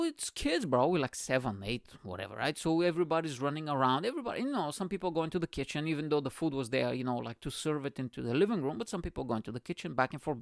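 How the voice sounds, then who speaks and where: Animated swearing comedian spinning a tale. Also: male voice, on the high side, no room sound, studio quality. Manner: animated, swearing, laughs at his own story. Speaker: comedian and podcast host. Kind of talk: storytelling monologue.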